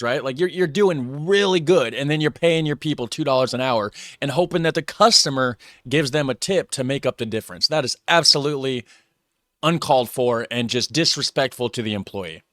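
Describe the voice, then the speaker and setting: A man's voice: medium pitch, fairly bright tone, no echo, clean studio sound. A man hosting a reaction video, chatting casually and earnestly agreeing. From United States.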